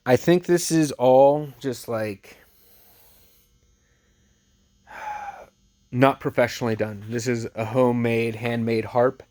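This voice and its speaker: A man who resells thrift finds, telling a story casually and with lively energy. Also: medium pitch, a little slow. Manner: chatty, animated retelling with laughs.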